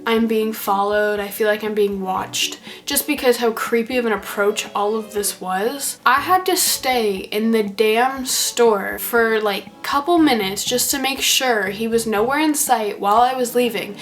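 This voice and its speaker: A woman's voice: fairly high pitch, a bit bright. A young woman in her late teens telling a story in casual vlog chat, peppering her talk with "like" and the odd swear word. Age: young adult. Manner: chatty, heavy use of "like", swears. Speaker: vlogger.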